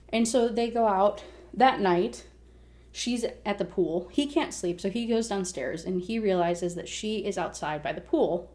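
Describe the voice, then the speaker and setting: A young woman recaps a novel in a casual rant, full of filler "likes" and swearing. She quickly acts out bits of the characters' dialogue as she goes. Her voice sits at an ordinary pitch with a warm, mellow tone. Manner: animated retelling with quick quoted dialogue; frequent "like" and profanity. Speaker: book reviewer.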